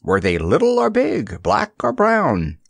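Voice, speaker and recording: A jittery little storybook king, as a man puts him on, pitched up high and fussing nervously through every line. The voice jumps around a lot and has a gravelly catch, recorded dry and close. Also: huge pitch swings, a little slow, fairly bright tone, no echo, exaggerated voice. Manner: fussy and nervous, given to giggling. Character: timid, comic little king, quick to flee.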